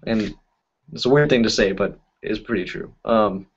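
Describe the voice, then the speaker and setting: The voice is lowish and slightly rough at normal speed, heard through dull audio: a YouTube magic and cardistry creator hosting a casual live stream. He answers comments with meandering stories, self-corrections, and plenty of laughs.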